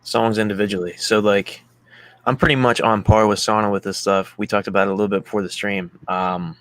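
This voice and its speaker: A man's voice: fairly low pitch, steady tone, a little fast, fairly bright tone, no echo. A man hosting a casual music chat, enthusiastic and swearing freely as he talks through an album. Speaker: podcast host.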